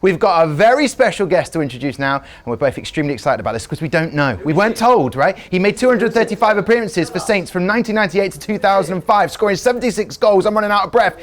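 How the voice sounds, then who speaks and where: A man hosting a football matchday show, teasing his co-host and hyping up guests. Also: high-pitched. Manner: playful, teasing, excitable. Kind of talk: lively matchday show presenting.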